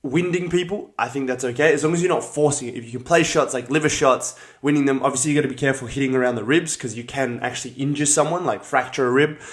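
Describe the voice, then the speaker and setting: A young man with an Australian accent talks through a casual livestream in a relaxed, chatty way. His voice sits at a middle pitch, and he laughs easily as he greets viewers between his points. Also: fast talker, hardly any pauses. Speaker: livestream host, combat sports athlete. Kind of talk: casual livestream chat reading comments.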